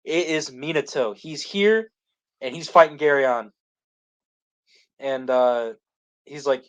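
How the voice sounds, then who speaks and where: A man's voice: medium pitch, slow pace, pauses often, fairly bright tone. A man co-hosting a podcast, recapping a series in casual chat full of "like" and restarts. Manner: rambling, heavy use of "like" and restarts. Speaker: podcast co-host.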